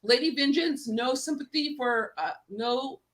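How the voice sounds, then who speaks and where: At home on a livestream, a woman co-hosts a casual chat in a high, unhurried voice. She's enthusiastic, swears casually, and fills her talk with lots of "like."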